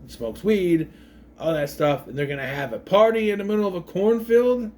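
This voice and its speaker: Speaking at a normal speed in a high voice with a darkish tone, a man reviewing a movie rambles casually through its plot. He keeps straying onto tangents and briefly slips into impressions of the characters as he goes.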